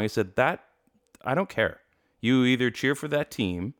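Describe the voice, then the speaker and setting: A man co-hosting a casual sports talk show, animated and jokey, laughing often. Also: mid-range voice, normal speed. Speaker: podcast co-host.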